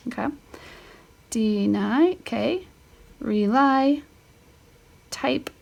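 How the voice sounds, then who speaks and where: A woman's voice: a little high, expressive, extremely slow, vocal fry, a little mellow. A middle-aged woman walking through a homeschool spelling lesson, thinking aloud and correcting herself as she goes. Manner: thinking aloud, self-correcting, chatty asides. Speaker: homeschool teacher. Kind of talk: casual spelling lesson walkthrough.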